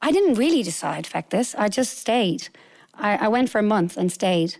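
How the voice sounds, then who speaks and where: A woman's voice: medium pitch, very animated, moderate pace, creaky. An Irish woman musician, a guest chatting easily and telling stories about her life. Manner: chatty, warm storytelling with laughs. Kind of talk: casual interview chat.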